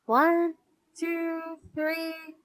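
A woman voicing a bossy, cheerful girl who runs the games, in a bright announcer tone. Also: high-pitched, lively intonation, takes it slowly, dry recording, poor audio.

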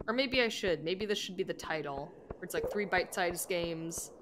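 A woman's voice: on the low side, normal speed, background noise. A woman chatting playfully and rambling with frequent giggles while streaming a video game. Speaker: gaming streamer. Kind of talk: casual live-stream chat while playing. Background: game music.

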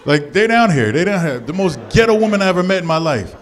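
A man's voice: high-pitched, quick pace. A man performing a stand-up comedy set in a club, telling stories and acting out the people in them with raised voices. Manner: animated storytelling, acting out characters in raised voices. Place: comedy club stage with a laughing audience.

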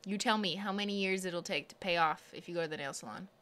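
A woman's voice: lowish voice, quick pace, noisy background. A woman live-streaming about nails, chatty and exasperated as she talks straight to her viewers. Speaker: nail art streamer.

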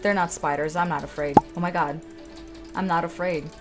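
A woman's voice: lowish voice, fairly even intonation, normal speed, over loud music. A woman in her twenties giving sassy, dramatic, exasperated commentary while playing through a game. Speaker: let's play streamer. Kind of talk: gameplay commentary.

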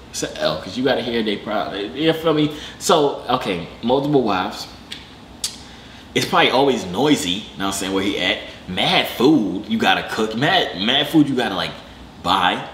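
A young man hosting a reaction video, joking in slangy casual commentary with sudden excited jumps in pitch. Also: reverberant, a little hiss or hum.

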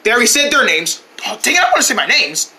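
A woman voicing all the characters of a homemade toy cartoon, switching quickly between playful voices. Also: fairly high pitch, very animated, bright, forceful tone.

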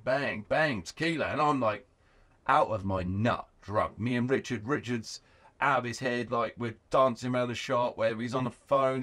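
A British man telling rambling, excitable stories with plenty of swearing as a podcast guest. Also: mid-range voice. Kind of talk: casual podcast storytelling.

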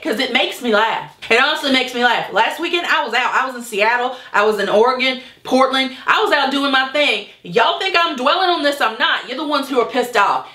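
A woman's voice: a little high, bright, forceful tone, echoey room. A woman YouTuber in an angry, sarcastic, profane rant vlog. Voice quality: profane, cutting. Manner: indignant, sarcastic ranting.

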